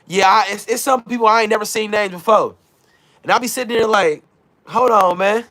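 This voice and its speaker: A man's voice: sits high, fast talker, pushed and bright. A man hosting a casual livestream, talking loosely in slang, hyping his chat and reading their messages aloud. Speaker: livestream host.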